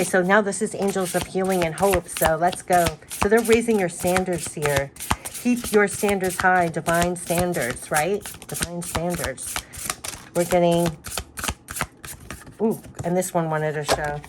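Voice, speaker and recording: A woman's voice: lowish voice, slight background noise. Effusive woman giving a spiritual card reading. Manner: effusive, emphatic, repeats key phrases. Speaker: oracle card reader.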